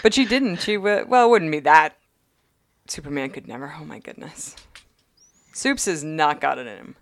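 A woman co-hosting a podcast, recapping an episode in casual chat with wry, quick asides. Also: deep voice, animated, dry recording, studio quality. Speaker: podcast co-host.

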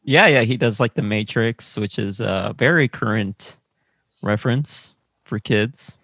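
Deadpan man hosting a chat podcast, dry sound. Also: on the low side, a little slow, no echo. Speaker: podcast host. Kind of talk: casual chat.

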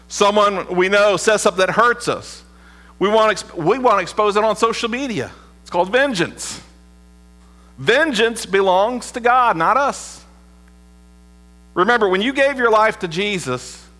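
Bright-voiced preaching man in a reverberant hall. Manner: earnest preaching, drops low and quiet for emphasis. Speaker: pastor. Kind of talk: sermon. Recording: long hall reverb with mains hum.

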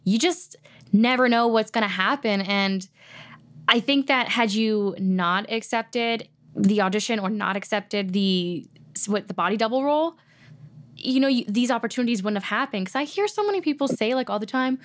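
A woman's voice: on the high side, normal speed, fairly bright tone. A woman hosting a casual interview chat, enthusiastic and chatty with her guest. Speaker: podcast host.

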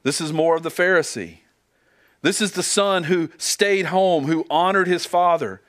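A man's voice: fairly high pitch, a little slow, a bit bright. A man preaching a sermon as pastor, earnest, asking his listeners rhetorical questions and often repeating words as he goes.

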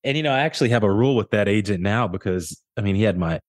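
A young adult man co-hosting a casual podcast, telling work stories with lively mimicry of the people involved. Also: fairly low pitch, rapid-fire, dry recording, studio quality. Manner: animated storyteller, often mimics others with a raised voice. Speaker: podcast co-host, real estate agent.

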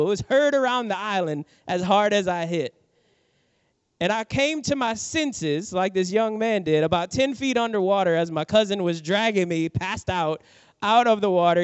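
A middle-aged male preacher tells a personal story in his sermon, acting out the voices in the tale. His voice sits a little high for a man. The sound is dry and somewhat muffled. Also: clear, resonant tone, dry recording. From New Orleans, USA. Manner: animated storyteller, acts out quotes. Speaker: pastor.

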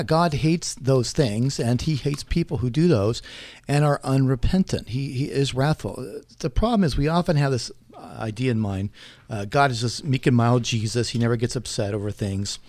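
A man's voice: medium pitch, lively intonation, normal speed, darkish tone, no room sound. A man, a theology professor, explaining scripture on talk radio in a lecturing way with many fillers.

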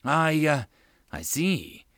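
Male reader as gracious young princess-governor; tactful, high voice, dry close sound. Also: very animated, drawn-out words, gravelly, a bit bright, dry recording, exaggerated voice. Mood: polite. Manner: tactful, hesitant politeness.

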